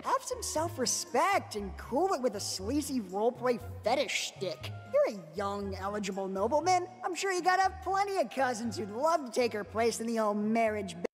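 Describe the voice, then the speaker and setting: A woman voicing a sarcastic young male swordsman in an abridged parody cartoon, deadpan and snarky, with reverb and background music. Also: a little high, normal speed, hardly any pauses. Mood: dismissive.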